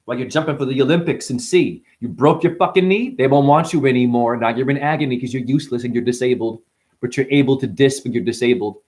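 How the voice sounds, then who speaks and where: A man in the middle of a loose freestyle rap, chaining puns and rhymes into each other. He is boastful and profane, and his voice sits at an ordinary pitch for a man. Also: fast talker, darkish tone. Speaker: freestyle rapper.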